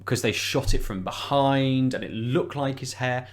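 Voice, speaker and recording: Male podcast co-host with a mid-pitched voice, hesitant and thinking aloud. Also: a little slow. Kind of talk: casual chat.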